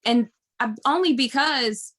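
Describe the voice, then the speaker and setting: A woman's voice: high voice, measured pace, a bit bright. A woman speaking candidly and emotionally in a casual group talk, swearing freely and laughing often. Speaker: group member sharing her story.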